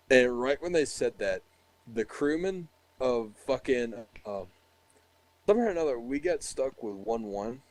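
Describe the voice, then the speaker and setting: A man's voice: mid-range voice, lively intonation, unhurried, no echo, low-quality recording. Young man telling a rambling army story. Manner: rambling, profane storytelling, laughs often. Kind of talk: casual chat.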